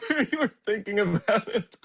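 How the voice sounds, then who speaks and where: Husky-voiced man telling stories with laughter. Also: high-pitched, expressive, moderate pace, fairly bright tone. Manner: laughing, storytelling banter. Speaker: podcast co-host. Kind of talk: casual chat.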